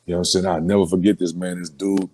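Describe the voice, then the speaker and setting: A rapper from New Orleans, Louisiana in a casual sit-down interview, telling emotional stories in street slang and filler phrases. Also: male voice, low-pitched, level tone, fast talker, darkish tone.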